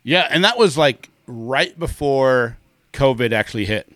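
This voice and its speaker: A man's voice: medium pitch, lively intonation, unhurried, a bit bright, no room sound, clean studio sound. Effusive male podcast co-host. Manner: enthusiastic, effusive. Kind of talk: casual podcast chat.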